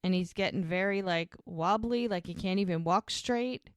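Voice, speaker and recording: Lady podcaster walking through an episode, lower voice, dry close sound, lots of "like". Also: normal speed, clear, resonant tone, no echo. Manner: lively retelling of scenes with many "like"s. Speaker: podcast co-host. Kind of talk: casual episode recap.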